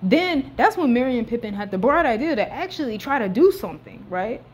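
A young woman recaps a film in a loose, chatty vlog voice. She bounces from quiet, muttered asides to sudden loud bursts. A faint hiss of background noise sits under the recording. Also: on the high side, fairly quick. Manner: animated, slangy, swings between hushed and loud outbursts. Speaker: movie recap vlogger. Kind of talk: casual excited movie recap.

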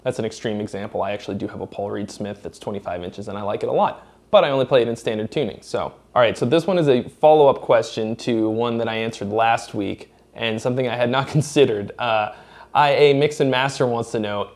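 A man's voice: mid-range voice, fairly quick, darkish tone. A man from Massachusetts with no regional accent, hosting a casual viewer Q&A and talking bluntly and profanely. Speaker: host answering viewer questions. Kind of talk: casual Q&A chat.

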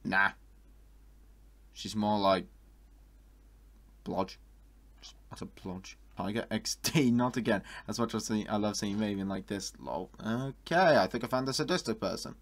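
Excitable young man, lowish voice. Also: measured pace, long pauses. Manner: excitable, bursts into high exclamations, laughs often. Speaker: YouTuber reacting to online art. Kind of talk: casual reaction commentary.

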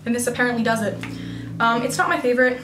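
A woman's voice: on the high side, fairly even intonation, quick pace, noisy background. A teenage girl vlogging about her skincare in a casual, rambling way, full of "like" and "um". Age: teens. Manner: chatty, rambling, fills with "like" and "um". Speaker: beauty vlogger. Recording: roomy, mic at a distance.

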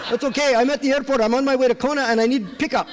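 A man's voice: very high-pitched, steady tone, rapid-fire, a little hiss or hum, pitched above the performer's own voice. A man doing an eager, pleading foreign-accented friend. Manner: pleading, chummy. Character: fawning male acquaintance with foreign accent. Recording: echoey hall.

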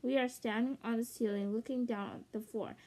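A woman's voice: a little high, steady tone, brisk, warm tone, poor audio. A woman reading aloud as a nasty old husband who gasps and cries out in alarm. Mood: flustered.

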